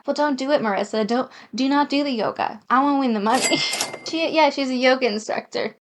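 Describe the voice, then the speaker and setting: A woman's voice: sits high, brisk. A woman reading a dating game aloud and commenting in a chatty, self-deprecating, giggly way. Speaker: gaming YouTuber.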